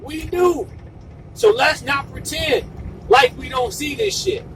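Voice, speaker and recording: A man delivering an impassioned, profane video monologue, repeating himself for emphasis and sometimes shouting. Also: very high voice, very animated, takes it slowly, gravelly, far from the mic, noisy background. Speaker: video blogger.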